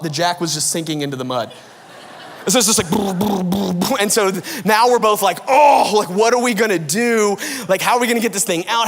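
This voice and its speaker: A man preaching a sermon as a pastor, telling a story in a lively, self-mocking way and acting out what people said. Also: high voice. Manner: animated and self-mocking, acts out quotes, laughs often. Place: large church hall. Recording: long hall reverb.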